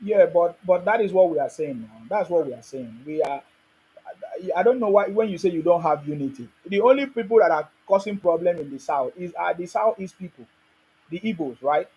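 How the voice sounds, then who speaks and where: Husky high Nigerian man ranting. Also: animated, a little fast, warm tone, rough recording. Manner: emphatic, rhetorical questions, mixing in Pidgin. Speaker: online show host. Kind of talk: animated political commentary.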